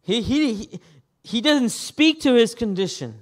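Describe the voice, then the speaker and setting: A man preaching a sermon as pastor, animated and acting out scenes with quick voice changes. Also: very high-pitched.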